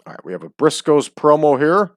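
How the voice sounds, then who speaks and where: A man's voice: a little high, sing-song, fairly quick, dry recording, studio quality. A man giving casual, chatty commentary while he plays a game, joking and using frequent ums. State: hiccups. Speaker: game streamer. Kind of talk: casual let's-play commentary. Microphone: desk microphone.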